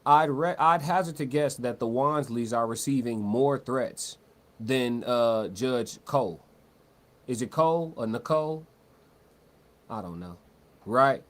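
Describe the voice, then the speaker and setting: Reading chat during a live stream, a man comments loosely in slang at a measured pace and medium pitch. He speaks conversationally, repeating words and starting phrases over.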